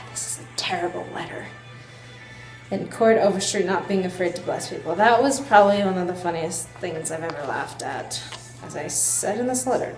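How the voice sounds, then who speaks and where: Young woman vlogger, animated and self-mocking, mid-pitched, echoey room. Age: young adult. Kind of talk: reading an old letter aloud with commentary.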